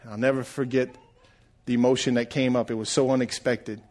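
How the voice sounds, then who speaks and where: A middle-aged man preaching a sermon, rising loud and then dropping to a hush. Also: medium pitch, level tone, a little fast. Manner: preaching, swells loud then drops to hushed. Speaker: pastor.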